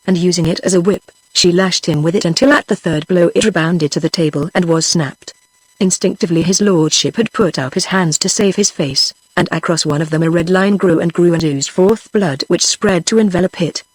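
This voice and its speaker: A text-to-speech voice of a woman with a British English accent, narrating a historical novel in an even, steady way. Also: on the low side, slightly rough, no echo, low-quality recording. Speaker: audiobook narrator. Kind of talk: synthetic audiobook narration.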